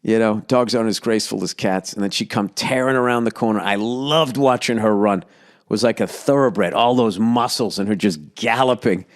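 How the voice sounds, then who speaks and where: Man, podcast host, lowish voice, casual storytelling, rambling, fond, swears a little. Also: normal speed. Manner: rambling, conversational, with filler words and mild swearing; fond and reminiscing.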